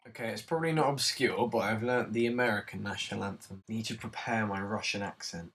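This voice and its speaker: A young man hosting his own vlog at home in a goofy, self-mocking, excitable way. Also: on the low side, brisk, hardly any pauses, distant mic. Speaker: vlogger host. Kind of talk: jokey casual vlog.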